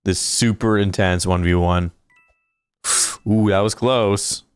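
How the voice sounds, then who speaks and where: A man livestreaming a video game, chatting casually and reacting out loud as he plays. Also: fairly low pitch, steady tone, slow pace, clean tone, dry recording. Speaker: gaming streamer. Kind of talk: casual live gameplay commentary.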